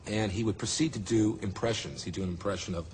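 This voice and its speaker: Low voiced guy telling an old story, acting out the crowd, bit of hiss. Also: fast. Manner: animated storyteller, acts out audience reactions. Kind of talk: documentary interview.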